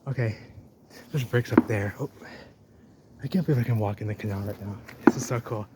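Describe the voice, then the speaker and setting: A man narrating as he walks through an old drained canal, talking excitedly to the camera. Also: lowish voice, fairly quick. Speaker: urban explorer vlogger. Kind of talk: handheld walking commentary. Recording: noisy outdoor ambience.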